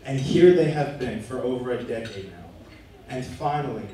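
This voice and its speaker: A man's voice: medium pitch, animated, moderate pace, warm tone, a little hiss or hum. A man in his thirties giving a best man speech at a wedding reception, joking and then turning earnest and sentimental. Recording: echoey room from far off.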